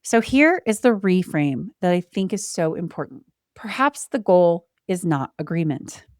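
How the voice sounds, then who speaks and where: Earnest woman, slow deliberate emphasis. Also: lowish voice, sing-song, dry recording, clean studio sound. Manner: earnest, reflective, slows down for emphasis with deliberate pauses; candid and emotional, with brief laughs. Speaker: podcast host. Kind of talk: solo reflective podcast monologue.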